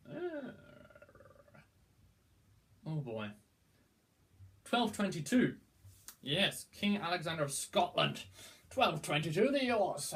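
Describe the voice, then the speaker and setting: A man's voice: on the high side, a bit bright. A man casually explaining history in a vlog, rambling and chatty, with lots of ums and self-corrections.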